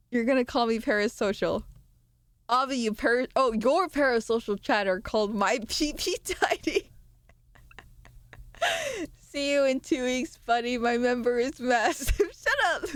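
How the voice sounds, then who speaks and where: Lively, animated woman streamer. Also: on the high side, no echo. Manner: banters with chat, reads messages aloud, laughs often, swears. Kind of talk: casual live-stream chat with viewers.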